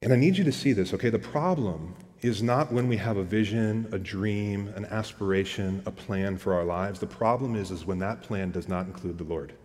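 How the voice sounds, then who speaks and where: A man's voice: on the low side, normal speed, hardly any pauses, a little mellow, in a large hall. A man preaching a sermon in a casual, conversational way, often repeating words and asking the congregation questions. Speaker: pastor.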